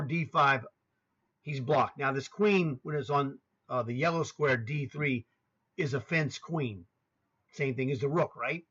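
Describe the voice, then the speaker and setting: A chess coach in his sixties teaches over a screen share from a laptop setup, chatting casually, naming squares aloud, and grumbling to himself now and then. His voice is mid-range, a bit bright, and husky, with lo-fi sound.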